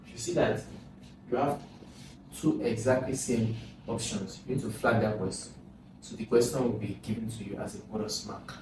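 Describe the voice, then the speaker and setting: A man's voice: fairly low pitch, normal speed. A man with a Nigerian English accent tutoring for an exam, thinking aloud and repeating sounds over and over. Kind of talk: informal exam lesson. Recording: echoey room, far from mic, music behind.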